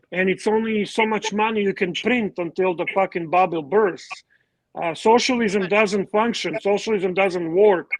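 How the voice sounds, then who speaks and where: Combative high-voiced man arguing. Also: a bit bright, dry recording, low-quality recording. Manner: combative, insistent. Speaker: panel guest. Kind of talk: heated casual debate.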